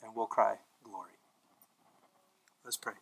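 A man preaching a sermon in a bright, forceful voice pitched a little high. He swings from emphatic lines to hushed ones and drops in casual asides with light laughs. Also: normal speed, poor audio. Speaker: pastor.

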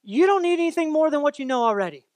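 A man with a notably high voice preaches a sermon in a loose, conversational way, breaking into playful asides and exaggerated voices for the people he quotes. The sound is close and dry, with no room echo. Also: animated, fast talker, darkish tone. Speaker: pastor.

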